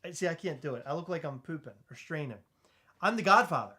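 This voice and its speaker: A man co-hosting a podcast in casual chat, loud, joking and teasing. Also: a little high, lively intonation, quick pace. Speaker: podcast co-host.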